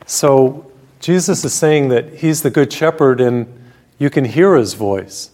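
Gentle storytelling priest preaching on TV. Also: male voice, medium pitch. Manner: warm storytelling preacher, slows down for scripture. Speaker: Catholic priest and TV program host. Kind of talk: televised sermon.

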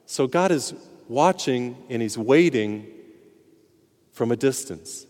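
Preaching man in a reverberant church. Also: mid-range voice. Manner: animated preaching, slows for emphasis. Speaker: priest. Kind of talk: sermon with told jokes. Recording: long hall reverb.

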